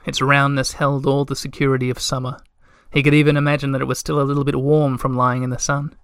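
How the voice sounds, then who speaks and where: A man reading a children's storybook aloud in a gentle, measured way. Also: medium pitch, level tone, clear, resonant tone, no echo, studio quality. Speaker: narrator.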